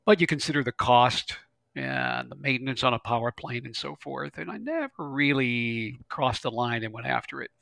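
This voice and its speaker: A middle-aged man tells his stories in a lively, folksy way, stammering now and then. His voice is gravelly and bright. The sound is dry and close. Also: medium pitch, moderate pace, no room sound. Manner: folksy, animated storyteller with laughs and stammers. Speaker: glider pilot and instructor. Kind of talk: conversational interview storytelling.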